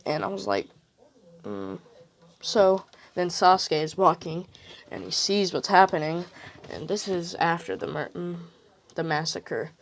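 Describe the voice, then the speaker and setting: A woman's voice: on the low side, a little slow, creaky. A woman casually retelling a fan what-if story, rambling with fillers and "like".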